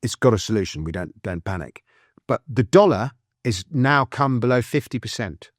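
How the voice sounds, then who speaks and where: A man, speaking as a guest author in a casual interview, chatty and explaining with quick restarts and asides. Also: mid-range voice, animated, dry recording, clean studio sound. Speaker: author and financial commentator, guest.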